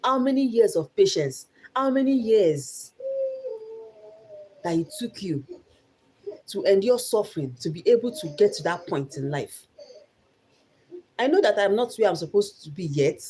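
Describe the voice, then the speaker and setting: A woman's voice: mid-range voice, animated, measured pace, pauses often, a little mellow, slight background noise. A young Nigerian woman giving an earnest motivational talk about her life, repeating phrases for emphasis. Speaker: vlogger.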